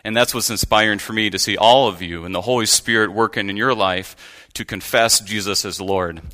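Man preaching a sermon, bright and sharp tone, casual earnest delivery. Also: lowish voice, steady tone, moderate pace. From United States. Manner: conversational, earnest storytelling with asides. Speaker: guest preacher. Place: church pulpit.

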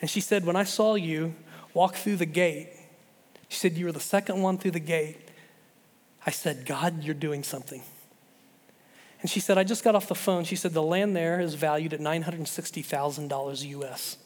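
A man, a pastor, telling a story in a sermon, animated and acting out the voices of the people in it. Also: a little high, moderate pace. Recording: long reverb of a large hall.

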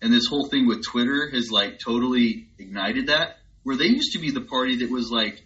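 A man's voice: medium pitch, brisk, fairly bright tone. Reflective man with a dull, lo-fi sound. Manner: reflective, agreeable, many fillers. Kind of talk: casual conversation.

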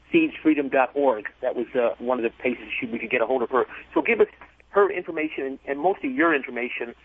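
A man hosting a radio show and interviewing a guest, halting and restarting his sentences. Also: medium pitch, slightly rough. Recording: tinny phone-like broadcast sound.

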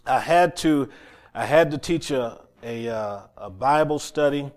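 A man preaching and telling stories, often repeating words and climbing louder as he gets worked up. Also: mid-range voice. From North Carolina, USA. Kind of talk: sermon storytelling.

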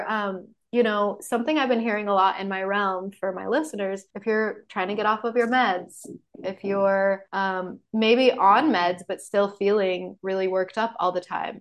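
A woman hosting a podcast, talking in a casual, lively way with frequent fillers and laughs. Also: medium pitch. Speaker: podcast host. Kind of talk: casual chat.

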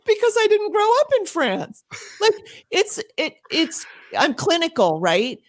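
Woman, interview guest, emphatic, fast bursts, laughs often, fairly high pitch. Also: very animated. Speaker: guest, homeschool advocate and author. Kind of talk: passionate interview talk.

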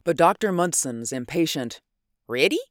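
A narrator reading an adventure story in measured, unhurried scripted narration. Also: mid-range voice, lively intonation, dry recording, studio quality. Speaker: audiobook narrator.

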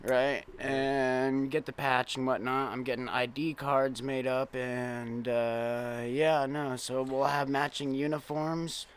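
A man's voice: medium pitch, level tone, takes it slowly, few pauses, clear, resonant tone. A man speaking in an altered, disguised voice, rambling through a casual podcast chat with many fillers and "right?" tags. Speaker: guest glass artist.

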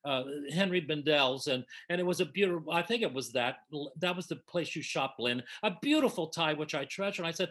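Older man, bright emotional storytelling voice. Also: on the high side, lively intonation, brisk, few pauses. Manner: warm, emotional, effusive reminiscing. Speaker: panel guest reminiscing. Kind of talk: casual storytelling.

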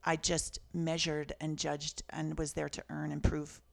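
A woman's voice: deep voice, completely flat delivery, unhurried, gravelly. A woman in her fifties from Canada, an author and guest who shares personal stories in an earnest, reflective way. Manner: earnest, reflective, soft-spoken. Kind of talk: personal storytelling in conversation.

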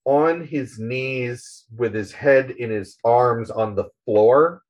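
A man's voice: medium pitch, takes it slowly, lo-fi sound. Chatty man retelling a comic. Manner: chatty, amused storyteller. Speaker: podcast co-host. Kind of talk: casual chat retelling a comic.

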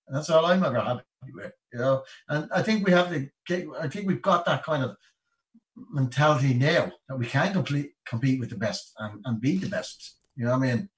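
Speaking a little fast in an expressive, medium-pitched voice, a retired Olympic boxer from Ireland, middle-aged, rambles through stories as an interview guest. He keeps saying "you know what I mean," and the low-quality recording uses a distant mic.

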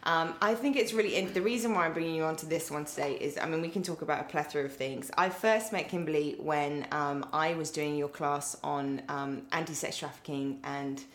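A middle-aged woman with an English accent hosts a relaxed podcast chat, her voice sitting low. She talks in a playful, rambling way with frequent laughter. The room around her has a noticeable echo. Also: a little fast, hardly any pauses. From England. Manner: chatty and playful, laughs often, rambling asides. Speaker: podcast host. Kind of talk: casual chat. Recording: echoey room.

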